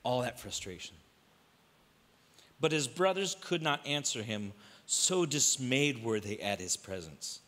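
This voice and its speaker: A man's voice: mid-range voice, animated, a little slow, a bit bright. A male pastor preaching a sermon, acting out quoted lines and firing off rhetorical questions. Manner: dramatic, acts out quoted voices, rhetorical questions.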